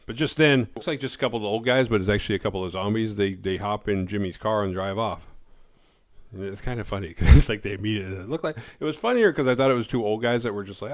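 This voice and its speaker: Chill guy with a lowish voice swearing his way through a movie plot recap, dry close sound. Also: no room sound. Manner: laid-back, profane, drops quick character voices. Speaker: horror movie reviewer.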